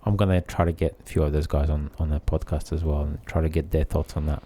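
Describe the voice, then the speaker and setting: A man's voice: a bass voice, steady tone, fast talker, warm tone. A man co-hosting a podcast in casual chat, easygoing and agreeable. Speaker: podcast co-host.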